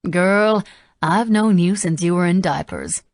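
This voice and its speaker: Narrator's middle-aged Southern housekeeper, frank, low gravelly voice. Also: female voice, a little slow, no echo, studio quality. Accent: slight Southern US.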